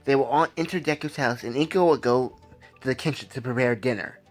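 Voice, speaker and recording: A man's voice: medium pitch, fairly quick, soft background music. A man casually narrating a made-up fan story, rambling and correcting himself as he goes. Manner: rambling, conversational, self-correcting.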